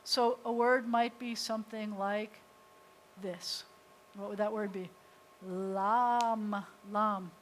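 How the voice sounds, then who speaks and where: An American woman rabbi leads a live beginners' Hebrew class in a synagogue classroom, patiently explaining things step by step and sounding out the letters. Her mid-range voice is fairly even in intonation and measured in pace, and the low-quality recording has a little hiss or hum.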